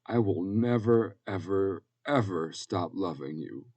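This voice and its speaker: A man voicing a loving older woman who tucks a young foster boy into bed, speaking gently and soothingly. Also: low-pitched, lively intonation, takes it slowly, slightly rough, exaggerated voice. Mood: tender.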